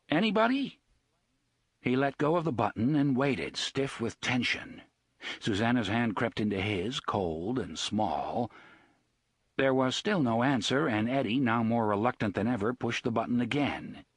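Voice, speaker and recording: A man narrating an audiobook in an expressive reading style. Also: mid-range voice, a little slow, breathy edge, dry recording. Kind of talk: scripted narration.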